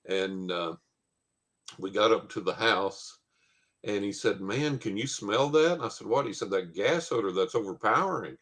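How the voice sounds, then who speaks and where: A man tells a long anecdote in a fairly low voice. He rambles along with many "uh"s and acts out what other people said. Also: moderate pace, fairly bright tone. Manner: rambling anecdote with many fillers and quoted dialogue. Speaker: guest storyteller. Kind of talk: casual storytelling.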